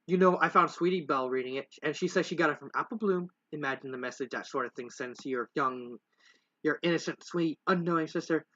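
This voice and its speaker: A man's voice: on the high side, a little fast, bright, forceful tone, muffled recording. A man reading the lines of a prim, self-righteous female pony crusader in a haughty, dramatic way, a little above his own voice. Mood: prim, indignant.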